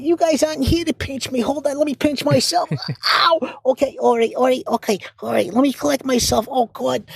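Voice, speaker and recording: A man's voice: extremely high pitch, creaky, dry recording, studio quality. A man voicing a nervous, stammering middle-aged male accountant who leaves a rambling voicemail. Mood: overexcited. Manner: stammering, repeating words, flustered. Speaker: voicemail caller.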